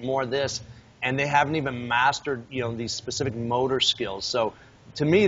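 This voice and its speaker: A man's voice: medium pitch, fairly bright tone. A man hosting an interview, asking questions and summarizing reflectively. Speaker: host. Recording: dull audio with faint noise.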